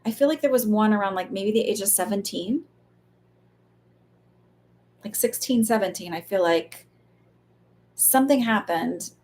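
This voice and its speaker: A woman's voice: mid-range voice, measured pace, pauses often, a little mellow, slight background noise. Chatty woman giving a live psychic reading. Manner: chatty, many fillers, swears casually. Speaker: psychic medium.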